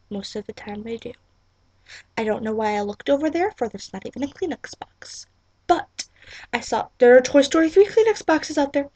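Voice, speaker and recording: Giggly young woman with a gravelly voice. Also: a little high, a little mellow. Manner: giggly, apologetic, lots of "like" and "um". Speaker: vlogger. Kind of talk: casual rambling vlog chat.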